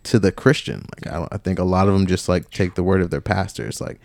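A man's voice: low voice, steady tone, fast, creaky, no room sound. A man co-hosting a podcast, talking earnestly in a loose, casual way with many filler words. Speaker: podcast co-host. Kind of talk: casual faith discussion.

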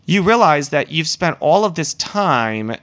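A man telling his story as a podcast guest in a casual, animated way, swearing freely and sometimes acting out what people said. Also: a little high, unhurried. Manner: animated, acts out quoted voices, swears freely.

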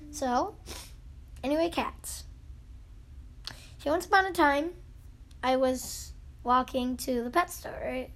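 A young girl rambling playfully as the host of her own pretend podcast, acting out little scenes. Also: sits high. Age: child. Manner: rambling, goofy, acts out scenes.

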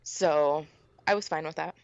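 A woman's voice: sits low, a little slow, darkish tone, no echo, lo-fi sound. A woman co-hosting a podcast, chatting about a film in an enthusiastic way and laughing easily. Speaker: podcast co-host. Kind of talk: casual film discussion.

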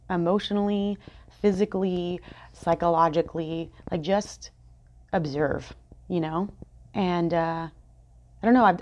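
A woman's voice: lowish voice, gravelly. A woman hosting a podcast, sharing a candid, rambling personal reflection full of fillers and restarts, just after crying. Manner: candid, rambling, many fillers and self-corrections. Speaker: podcast host. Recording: dull lo-fi sound.

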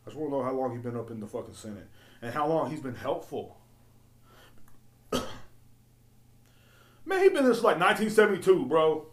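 A man's voice: mid-range voice, expressive, fairly quick, long pauses. A man ranting profanely and rambling as a podcast host. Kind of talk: casual solo rant. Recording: roomy echo.

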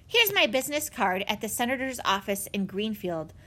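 A woman's voice: medium pitch, sing-song, moderate pace, pushed and bright. A woman voicing a nervous, pushy middle-aged man who hesitates and talks eagerly in a storybook reading.

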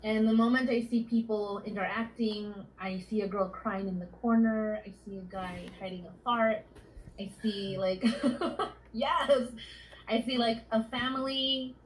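A woman's voice: mid-range voice, poor audio. Chatty woman telling stories as a guest. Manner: chatty, animated storyteller. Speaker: guest writer. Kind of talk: casual interview chat.

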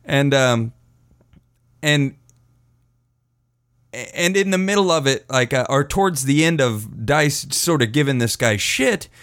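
A man's voice: medium pitch, lively intonation, slow, pauses often, fairly bright tone, clean tone, no room sound, clean studio sound. A man hosting a podcast, telling a story in a rambling, profane way and often laughing at his own words. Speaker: podcast host. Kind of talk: casual storytelling.

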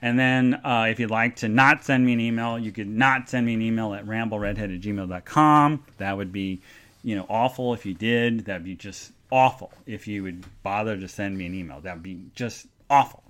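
Hosting a live podcast, a man chats and rambles, reading listener comments and making sarcastic joke plugs for the show. His voice is on the low side with a fairly bright tone, at a moderate pace.

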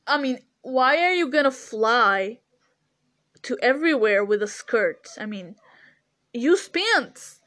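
Podcast host, young woman, high and unhurried, animated, keeps cracking up. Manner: animated, laughs often and hard. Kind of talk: casual commentary.

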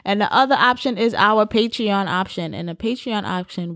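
A woman with a Bronx accent co-hosting a podcast, talking in brisk, playful casual chat and swearing freely. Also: medium pitch, lively intonation, fairly bright tone, dry recording, clean studio sound. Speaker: podcast co-host.

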